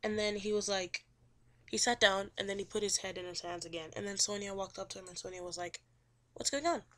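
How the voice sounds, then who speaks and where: A woman student casually retelling a story in her own words, chatty, with lots of "like" and "um", her voice often trailing off quietly. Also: mid-range voice, little pitch movement, quick pace. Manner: chatty, says "he was like" and "um" often. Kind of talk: casual book summary.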